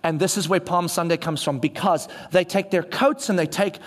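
A man preaching a sermon, telling the story in an animated way and acting out voices of the people in it. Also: high voice, normal speed. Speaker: pastor.

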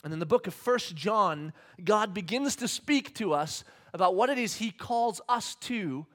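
A man in his thirties preaching a sermon, telling a personal story with humor and acting out the scenes. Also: sits high. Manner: animated storyteller, acts out scenes, self-deprecating humor. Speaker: pastor. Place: church hall with congregation.

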